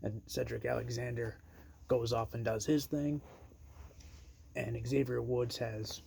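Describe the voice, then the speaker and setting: A man casually pitching an imagined storyline, rambling and acting out quotes in a raised voice. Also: level tone, unhurried, gravelly, darkish tone, a little hiss or hum.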